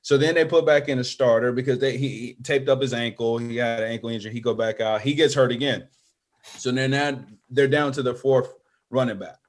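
A middle-aged man telling a story as an interview guest, animated and acting out friends' voices. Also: medium pitch, a little fast.

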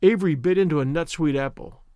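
A man narrating a storybook as an audiobook in a measured, expressive way. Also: a little high, no room sound, clean studio sound.

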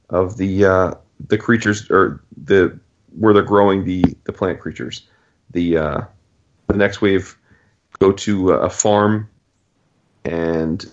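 A man's voice: low-pitched, highs cut off. A man casually recapping a comic book on a podcast, rambling with lots of fillers and swearing, acting out the characters' lines. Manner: rambling, profane, acts out quoted dialogue, frequent fillers. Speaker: podcast host.

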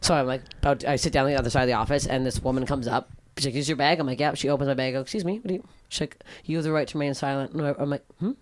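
A young woman from Canada chatting as a guest, telling stories in a lively, profane way and acting out quoted lines. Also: extremely low pitch, racing, slight background noise. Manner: animated, profane, acts out quotes. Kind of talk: casual storytelling chat.

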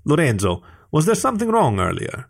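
A jovial older otter dad, affectionate and expansive, with a husky, raised voice, as a man puts him on. He warmly throws in Italian phrases in an audiobook story. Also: on the high side, huge pitch swings, brisk, pitched above the performer's own voice, heavily acted. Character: older male otter father, warm and jovial.

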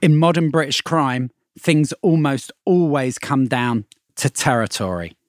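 A man giving scripted documentary narration in a measured, explanatory way. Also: medium pitch, dry recording, clean studio sound.

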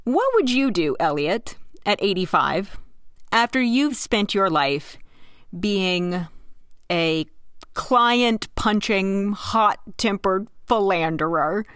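A woman's voice: medium pitch, lively intonation, slow, fairly bright tone, dry recording, studio quality. A woman hosting a casual podcast, telling a story in a wry way and laughing often.

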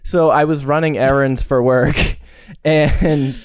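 Man, podcast host, rambling storyteller, smooth clear voice, dry sound. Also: on the high side, fairly even intonation, slow pace, no echo. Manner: rambling storyteller, laughs often. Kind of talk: casual podcast chat.

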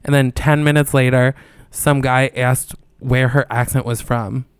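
A young man chats on a podcast, spinning a story with easy laughter. His voice has a gravelly edge yet stays smooth, and it sits close to the mic in a dry room. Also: medium pitch, little pitch movement, unhurried, no echo. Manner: chatty storyteller, laughs often. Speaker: podcast co-host. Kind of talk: casual chat.

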